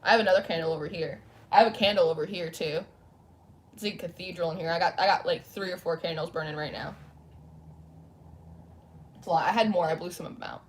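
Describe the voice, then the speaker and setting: A woman's voice: lowish voice, fast talker, long pauses. A young woman talks casually through a live tarot stream from a candlelit room at home. She rambles and chats freely, reading out viewers' comments and answering them as she goes. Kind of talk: casual livestream chat.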